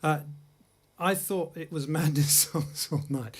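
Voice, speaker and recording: A man's voice: on the high side, slow, slightly rough. Chatty English man hosting a music livestream. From England. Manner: chatty, anecdotal, self-deprecating. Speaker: host and jazz pianist-singer. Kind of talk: casual chat between songs on a livestream. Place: music studio.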